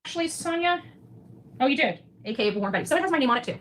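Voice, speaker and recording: A woman's voice: sits high, animated, very fast, crowd noise, low-quality recording. A woman in her forties speaking straight to her viewers, defiant and reassuring, preachy, and often tagging lines with "okay?". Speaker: citizen journalist livestreamer. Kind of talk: direct address to viewers.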